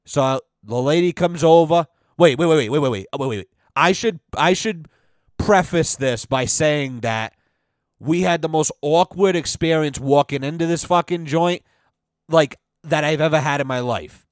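A young man hosts a podcast, rambling through comic stories and swearing constantly. His voice sits a little high for a man. The sound is close and dry, with no room in it. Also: normal speed, dry recording. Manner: profane, rambling, animated storytelling. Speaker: podcast host. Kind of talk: casual comedic monologue.

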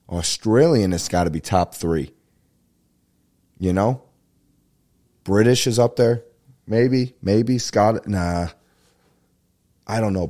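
A young man hosting a podcast, rambling in a profane, animated monologue that jumps up in pitch when he gets riled. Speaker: podcast host and stand-up comedian. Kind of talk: casual monologue.

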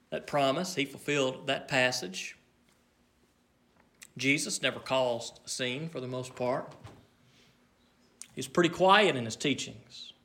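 A man preaching a sermon, earnest and measured, swinging between loud emphasis and near hush. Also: mid-range voice.

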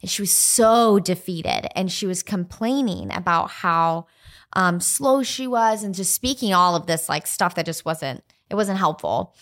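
A woman co-hosting a casual faith podcast, telling a family story in a candid, warm way. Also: fairly low pitch, measured pace. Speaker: podcast co-host.

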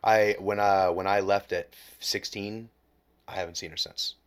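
Deep-voiced man telling a raw story. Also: steady tone, unhurried, smooth. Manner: emotional, heavy swearing, drops to near whisper at low points. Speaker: podcast guest. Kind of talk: candid conversational storytelling.

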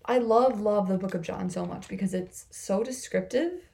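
A woman's voice: medium pitch, moderate pace, creaky, darkish tone. A young woman casually reading through a Bible chapter and reflecting on it, chatty and full of "like" fillers. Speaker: Bible study vlogger.

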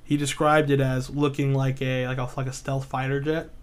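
A man's voice: medium pitch, little pitch movement, normal speed, a crowd in the background. A man casually retelling a spooky story, rambling with lots of filler words and swearing. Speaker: podcast co-host.

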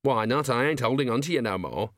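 A man's voice: medium pitch, expressive, quick pace, no echo, studio quality, lightly acted. A man doing Wee Mad Arthur, a cheeky tiny gnome. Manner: blunt, cheeky, slangy. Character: tiny scrappy male gnome rat-catcher.

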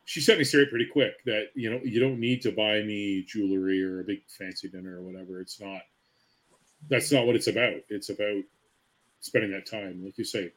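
A man's voice: fairly low pitch, steady tone, a little fast, fairly bright tone, low-quality recording. Earnest man, stammering repeats. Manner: earnest, repeats words as he thinks. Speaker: podcast co-host. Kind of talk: casual chat.

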